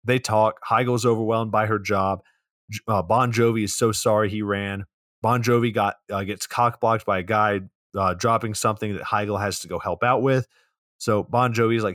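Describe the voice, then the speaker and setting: A man's voice: lowish voice, steady tone, moderate pace, fairly bright tone, no echo, clean studio sound. A man co-hosting a podcast, casually summarizing a movie's plot scene by scene and swearing now and then. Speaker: podcast co-host. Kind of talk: casual movie recap chat.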